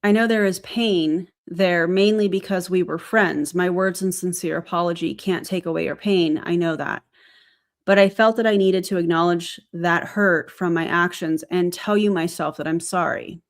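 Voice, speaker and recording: A woman with a lowish voice hosts a live stream. She reads private messages aloud with steady, earnest care and adds brief remarks between them. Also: normal speed.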